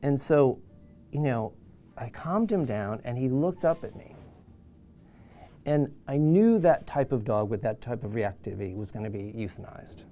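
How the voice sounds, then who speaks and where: A man in his sixties, an animal trainer, telling an anecdote in an animated way and acting out the voices of the people in it. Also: medium pitch, normal speed, a little hiss or hum. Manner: animated, acts out quoted voices. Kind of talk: storytelling anecdote.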